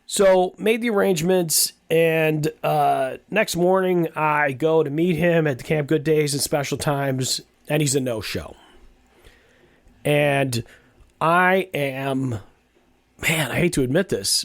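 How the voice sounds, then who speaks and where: A man's voice: fairly high pitch, a little slow, creaky, no room sound. Rambling middle-aged man, dry close sound. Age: 50s. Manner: rambling, frequent restarts and repeated words. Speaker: podcast host. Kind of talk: casual personal storytelling.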